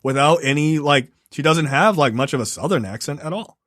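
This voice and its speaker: A man with a bright, fairly high voice chats animatedly with his co-host. His pitch rises and falls a great deal. The recording is close and dry. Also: a little fast, dry recording. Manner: animated, conversational, uses fillers like "like". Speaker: podcast co-host. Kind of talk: casual chat.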